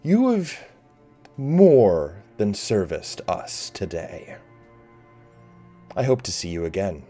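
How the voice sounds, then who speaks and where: Man doing a booming cult leader in a tabletop game, loud and grand, faint music behind. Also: huge pitch swings, heavily acted. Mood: ominous. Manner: grand, slow proclamations. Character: menacing male fire cult leader.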